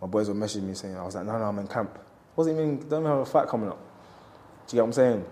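A man's voice: on the low side, racing, dark tone, a little hiss or hum. A man, a boxer speaking candidly in an interview, reflective and storytelling with quoted asides.

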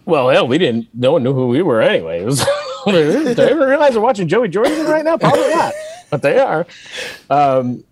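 Animated man telling a tour story. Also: on the high side, moderate pace, background noise. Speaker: guest musician. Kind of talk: casual podcast storytelling.

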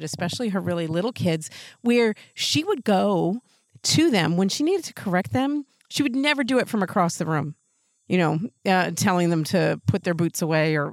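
A woman hosting a parenting show, giving earnest, gentle advice in a casual way and laughing lightly between thoughts. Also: fairly low pitch, dry recording, clean studio sound. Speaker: parenting podcast host.

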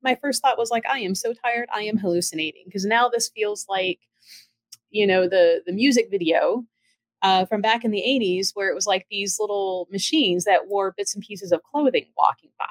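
A middle-aged woman casually telling ghost stories from her own home, chatty and lively, acting out the voices of the people in her story. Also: mid-range voice, moderate pace, no room sound. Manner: chatty, animated, acts out quoted dialogue. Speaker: storyteller recounting ghost encounters.

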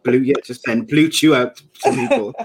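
A man's voice: mid-range voice, gravelly, slight background noise. A man in his thirties co-hosting a podcast in casual, joking chat, often laughing at his own jokes. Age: 30s. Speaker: podcast co-host.

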